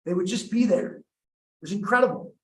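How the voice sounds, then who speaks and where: A man's voice: sits high, lively intonation, brisk. A man telling a personal story at a summit, wry and self-mocking, with humorous asides. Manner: wry, self-mocking, acts out quoted voices. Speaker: summit speaker. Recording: echoey hall from far off, faint noise.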